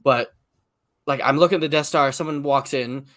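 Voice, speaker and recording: A man appearing as a guest content creator, chatting casually in a playful, animated way and laughing easily. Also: medium pitch, moderate pace. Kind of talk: casual chat.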